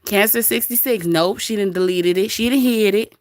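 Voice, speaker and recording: A woman's voice: mid-range voice, moderate pace, no room sound, clean studio sound. A woman hosting a livestream, chatting casually to her live chat from her bed, laughing often and quoting others. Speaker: livestream host. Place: bedroom.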